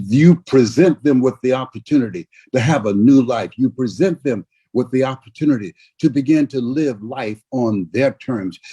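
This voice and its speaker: An older man giving a motivational speech in a husky voice, preaching with big swings between shouts and low murmurs. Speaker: motivational speaker. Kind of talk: motivational speech on a video call.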